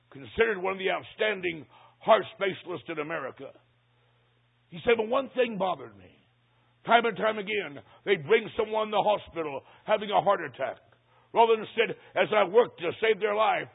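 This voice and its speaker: Older male preacher, dramatic sermon storyteller, high husky voice, tinny lo-fi sound. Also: animated. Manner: dramatic storyteller, slows for emphasis. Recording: tinny phone-like recording.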